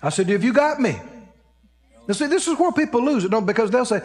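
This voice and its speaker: A man's voice: extremely high pitch, very animated, fast. A man preaching a sermon, telling a story and acting out the voices of the people in it. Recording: long hall reverb.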